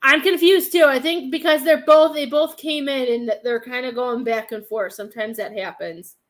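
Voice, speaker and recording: A woman's voice: sits high, moderate pace, fairly bright tone. A woman hosting a live-stream psychic reading, hesitant and thinking aloud as she speaks to viewers by name. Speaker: psychic medium host.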